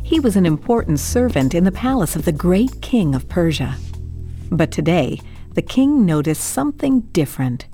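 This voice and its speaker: A woman storyteller reads a children's Bible story with a cheerful, highly animated delivery and a lowish voice. Soft music plays faintly under her narration. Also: normal speed, breathy edge. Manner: expressive, cheerful, addresses young listeners.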